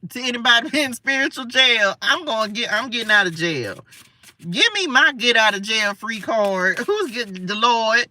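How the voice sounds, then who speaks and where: A woman's voice: on the high side, animated, normal speed, pushed and bright. A woman giving a live tarot reading, chatty and playful, talking straight to her viewers and laughing often. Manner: laughs often, asides to spirits. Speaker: spiritual tarot reader. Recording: voice a bit far from the mic.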